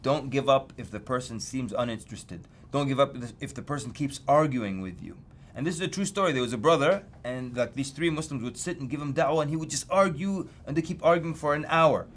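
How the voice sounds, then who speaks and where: A man preacher giving a lecture on outreach, telling stories with lively swings of pitch for emphasis. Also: fairly quick, slight background noise. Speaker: Islamic preacher teaching street outreach. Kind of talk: story-led lecture.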